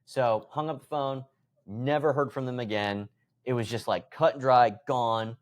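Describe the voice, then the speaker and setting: A man's voice: medium pitch, measured pace. A man in his thirties, a podcast guest, telling a story casually and animatedly, acting out conversations and swearing freely. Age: 30s.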